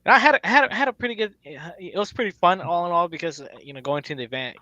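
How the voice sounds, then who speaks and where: Man, easygoing chat with fillers; bright voice, dry recording. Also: sits high, quick pace, dry recording, dull audio. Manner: relaxed, hesitant with fillers. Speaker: tournament winner interviewee. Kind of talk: casual chat.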